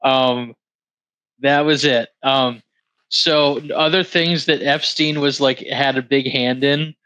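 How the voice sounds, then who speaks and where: A man's voice: mid-range voice, steady tone, takes it slowly, sharp tone, clear, resonant tone, no echo, low-quality recording. A man co-hosting a casual podcast, with short reactions and hesitant fillers. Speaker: podcast co-host.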